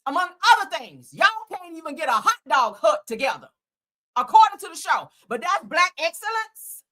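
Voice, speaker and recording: A woman's voice: extremely high pitch, sing-song, moderate pace, sharp tone. A woman hosting her own channel, giving a blunt, profane and heated rant about a reality TV show, full of sarcasm and repeated lines. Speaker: host. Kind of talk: ranting reality TV commentary.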